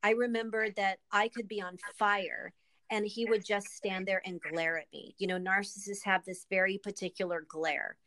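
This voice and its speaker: A woman guest and author in a candid interview, speaking earnestly and with emotion, often pausing with ums and restarting. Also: mid-range voice, fairly even intonation, fairly bright tone, no echo, rough recording.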